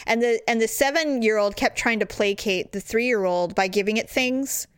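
Animated middle-aged woman telling stories. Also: moderate pace, smooth, dry recording, clean studio sound. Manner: animated storyteller, acts out quotes in high voices. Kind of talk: casual chat.

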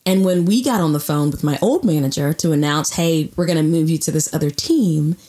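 A woman co-hosting a podcast, chatting casually and telling stories with lively acted-out quotes. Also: low voice, brisk. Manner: animated storyteller, acts out quotes. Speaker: podcast co-host. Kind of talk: casual intimate conversation.

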